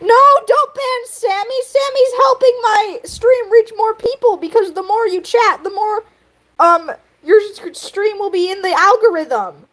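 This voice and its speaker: A woman hosting a casual livestream, answering her chat in an animated, giggly way. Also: very high-pitched, unhurried, rough recording. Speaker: livestream host.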